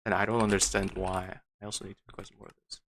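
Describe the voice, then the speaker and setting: A man's voice: deep voice, flat delivery, fast, a bit bright, slight background noise. A man streaming a game, muttering to himself with frustrated, disbelieving outbursts. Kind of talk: casual gameplay commentary.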